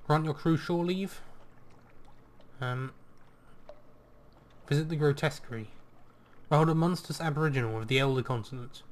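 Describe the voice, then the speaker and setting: A man's voice: a little high, normal speed, long pauses. A man playing a video game and commenting on it in a chatty way, reading in-game text aloud in a theatrical tone. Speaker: video game let's player.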